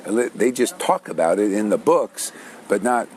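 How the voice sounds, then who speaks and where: A man's voice: fairly low pitch, expressive, measured pace, a little mellow, a little hiss or hum. An older man, telling his spiritual story in a rambling, casual way with many restarts. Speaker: spiritual teacher.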